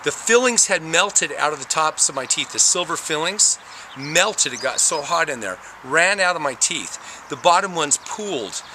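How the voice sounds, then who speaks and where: A man recounts his near-death experience as a personal testimony, acting out each moment as it comes. His voice is very bright and forceful, sitting a little high for a man. Faint noise lingers behind him. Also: moderate pace. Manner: animated, acts out the moments.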